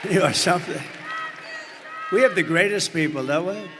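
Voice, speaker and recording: A man with a bright, gravelly, slightly high voice addresses a large indoor arena. He rambles and boasts, breaking off for asides to the crowd. The sound carries a long reverb, with a faint crowd murmur behind him. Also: normal speed, background noise. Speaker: political candidate at a rally. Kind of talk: rally speech. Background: cheering crowd.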